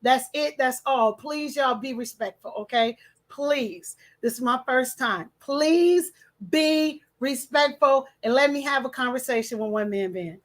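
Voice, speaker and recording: High-pitched woman going live from home, chatty, reads out comments, trips over names. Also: measured pace. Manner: chatty, warm greetings, stumbles over names. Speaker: livestream host. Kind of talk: casual livestream chat, reading comments aloud.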